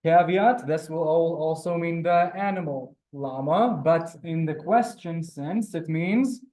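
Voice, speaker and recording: A man teaches a beginner language lesson in front of a board, speaking over a video call. His voice sits a little high and he takes his time, stretching each word and exaggerating its sounds so students can copy them. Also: warm tone. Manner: drawn-out, exaggerated pronunciation of words. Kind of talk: live online beginner lesson.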